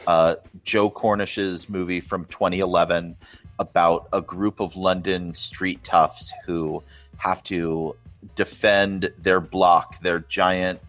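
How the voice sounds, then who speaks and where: Deep-voiced man in casual movie chat. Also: level tone, takes it slowly, a bit bright, dry recording, faint music behind. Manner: enthusiastic, rambling with restarts. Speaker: co-host.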